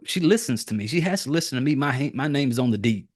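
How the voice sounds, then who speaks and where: A man talks casually on a podcast, his delivery loose and rambling, with swearing scattered through it. His voice sits at an ordinary middle pitch, but when something worked him up he jumps sharply higher. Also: fast talker. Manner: rambling, profane, animated retelling with sudden high-pitched jumps. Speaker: podcast host reviewing a horror film.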